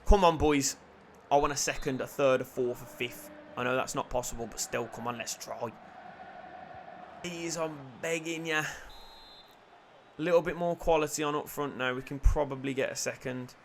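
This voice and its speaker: A young man commentating his own football video game, excitable, muttering and then shouting, swearing and joking. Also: mid-range voice, moderate pace, a little hiss or hum. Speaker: gaming YouTuber. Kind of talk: live gameplay commentary.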